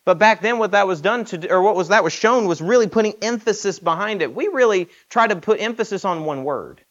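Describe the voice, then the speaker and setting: A man's voice: high voice, animated, a little fast, a bit bright, muffled recording. A man preaching a sermon in an earnest, emphatic way, asking rhetorical questions.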